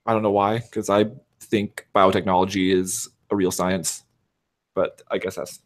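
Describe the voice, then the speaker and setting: This male podcast guest has a low-pitched voice and a level tone, talking at normal speed. The chat is casual and rambling, full of fillers, and he pokes fun at himself.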